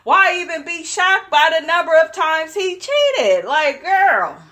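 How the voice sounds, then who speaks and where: Sassy high-voiced woman recap host. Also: very animated, slow pace, sharp tone. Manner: sassy, opinionated, keeps saying "honey". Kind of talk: casual commentary recap.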